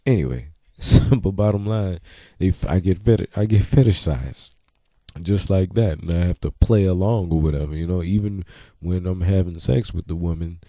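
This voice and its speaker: A man's voice: low voice, moderate pace, dark tone, no echo. A man with a mild Jamaican accent speaking bluntly in a casual monologue, with frequent "you know" asides. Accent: Jamaican, mild in plain talk. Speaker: vlogger.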